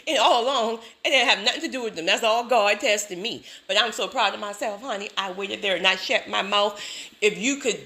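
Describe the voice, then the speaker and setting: Woman, sassy motivational vlogger, bright and lively delivery. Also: mid-range voice, fairly quick. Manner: sassy, emphatic, repeats catchphrases; laughs often, animated storytelling. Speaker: self-help vlogger. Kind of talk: motivational talk to camera.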